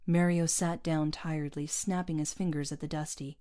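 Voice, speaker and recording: A woman narrating a science fiction story aloud in a steady, even manner. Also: sits low, moderate pace. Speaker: audiobook narrator. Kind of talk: scripted narration.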